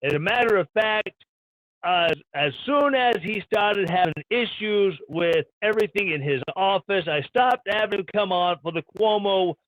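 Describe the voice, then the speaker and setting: A man's voice: sits high, moderate pace, a bit bright, dry recording. A man hosting a live stream, delivering sarcastic, irreverent news commentary in a ranting style. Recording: dull lo-fi stream audio.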